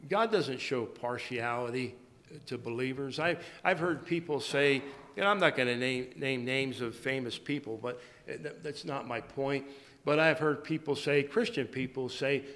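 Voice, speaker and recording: A man giving a sermon in a halting way, often repeating and restarting his words. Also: medium pitch, fairly bright tone. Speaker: preacher. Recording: long hall reverb.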